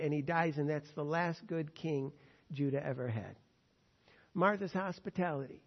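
Guy preaching, telling stories and acting out the lines, high voice, muffled echoey church sound. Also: normal speed, creaky. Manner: storytelling, animated, acts out quotes. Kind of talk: sermon. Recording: dull echoey hall recording.

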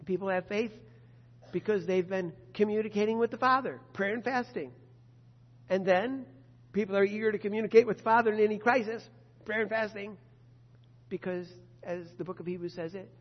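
A man preaching a sermon in an earnest manner, building to emphatic bursts. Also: sits high. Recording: dull long-reverb hall sound.

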